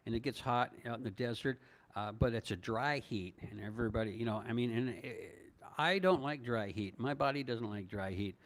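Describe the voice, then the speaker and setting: An older man from northern Minnesota answering viewers' questions in a casual live stream, rambling and hesitant with many fillers and chuckles. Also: medium pitch. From northern Minnesota, USA. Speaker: vlogger answering live chat.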